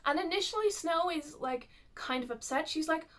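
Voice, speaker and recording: A woman with a high voice talks through a story in a loose, chatty recap. She keeps reaching for fillers and restarts as she goes. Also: lively intonation, normal speed, a bit bright. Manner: chatty, uses lots of fillers. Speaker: youtuber. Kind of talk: casual plot recap.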